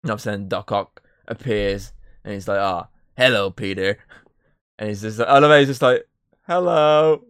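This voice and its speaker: A fairly low-voiced man in casual podcast chat, retelling film scenes and popping into quick quoted voices as he goes. His speech is peppered with swearing. The sound is dry and close, with no room around it. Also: fairly bright tone, clean tone, dry recording. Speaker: podcast co-host.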